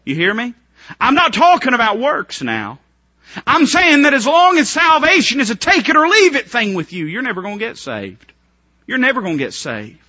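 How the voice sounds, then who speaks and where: Fervent high-pitched preacher man. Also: sing-song, moderate pace, lo-fi sound. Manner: fervent, swings from hushed to shouting, rhetorical questions. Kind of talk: revival sermon.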